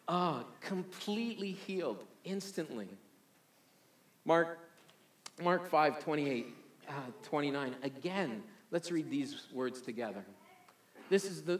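A man's voice: a little high, a bit bright, reverberant. A man preaching a sermon energetically, often repeating words as he restarts. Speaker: pastor.

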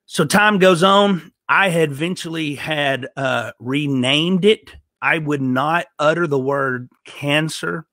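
A man's voice: fairly high pitch, pushed and bright, dry recording. Earnest guy telling his prayer story, stops and restarts a lot, dry sound. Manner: earnest, halting with repeated restarts. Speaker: podcast host telling a personal testimony. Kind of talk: emotional storytelling testimony.

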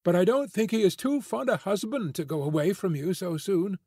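A man voicing a saucy, caustic young farm girl with a sharp, teasing way of talking. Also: high-pitched, lively intonation, measured pace, dry recording, studio quality, voice pushed up, full character voice.

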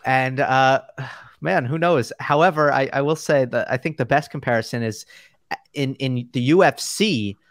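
A male guest talks tennis in an easygoing, halting way and keeps searching for the right word. His voice is mid-pitched and comes through dry, with no room echo. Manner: easygoing, hesitant with fillers and restarts. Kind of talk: casual chat.

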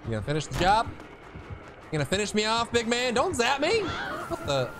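A man commentating his own gameplay, excitable and teasing, swinging from quiet mutters to sudden shouts. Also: very high-pitched, fairly quick, music in the background. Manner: banters with the opponent, teasing.

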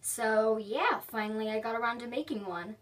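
A woman's voice: a little high, moderate pace. A young woman hosting a casual unboxing vlog, gushing and giggly, rambling with many "like"s. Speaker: toy unboxing vlogger. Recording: distant camera mic, faint noise.

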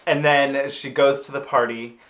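A woman's voice: rumbling low, moderate pace, low-quality recording. A woman co-hosting a casual movie review chat, musing aloud and tossing in theories about the plot. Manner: animated, musing, tosses in theories. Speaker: podcast co-host.

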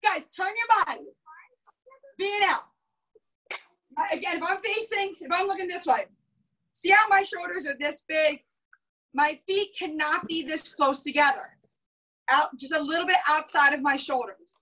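A young woman teaching a karate class over a video call, brisk and commanding as she cues and counts drills. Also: high-pitched, bright, forceful tone, far from the mic, poor audio. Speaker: karate instructor.

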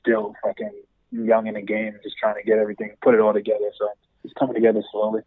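A man's voice: lowish voice, completely flat delivery, fast. A man, calling in as a guest and talking casually, cursing a lot. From Jamaica. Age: 20s. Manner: laid-back, laughs easily, swears casually. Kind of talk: casual phone interview. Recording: tinny phone line.

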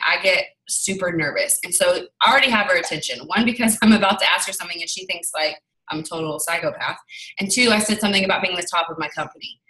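A woman's voice: mid-range voice, sharp tone, distant mic, low-quality recording. A young woman leading a sales team gives a chatty, candid motivational talk, telling stories and acting out dialogue. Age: young adult. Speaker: network marketing team leader.

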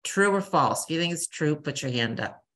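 A woman's voice: low-pitched, animated, moderate pace. An older woman, a bereavement counselor, giving a chatty talk to a church grief group and acting out little quotes. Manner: warm, chatty teacher, acts out quotes.

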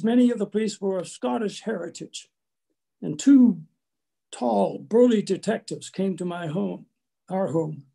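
An older man from Canada giving a prepared lecture, telling family stories in a measured way with small restarts. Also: sits high, creaky, mellow, husky. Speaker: guest lecturer.

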